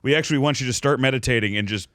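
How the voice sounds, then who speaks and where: A man co-hosting a podcast in casual, joking chat, his sentences often trailing off into a low mumble. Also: very fast, fairly bright tone, dry recording, studio quality. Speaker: podcast co-host.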